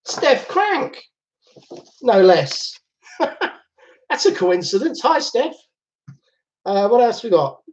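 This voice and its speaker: A man's voice: high voice, very animated, a little slow, darkish tone, slight background noise. A man hosting a casual live chat from home, chatting and laughing easily as he reads out viewer comments. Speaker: livestream host. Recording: dull lo-fi livestream audio.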